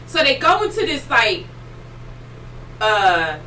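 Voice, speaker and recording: High bright-voiced woman telling a story. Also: takes it slowly. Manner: excitable, rambling, many fillers. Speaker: podcast host. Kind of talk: casual storytelling chat. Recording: roomy echo, distant mic, faint noise.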